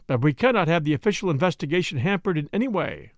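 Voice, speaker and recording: Guy doing a breezy hearty colonel, bouncy delivery, a bit gravelly. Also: fairly high pitch, lively intonation, quick pace, dry recording, studio quality. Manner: hearty, breezy, officer's bluster. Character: genial middle-aged male colonel, chief constable.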